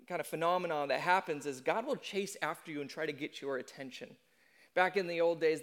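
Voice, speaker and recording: A young adult man preaching a sermon as a pastor, in a conversational, animated way and acting out quotes. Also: a little high.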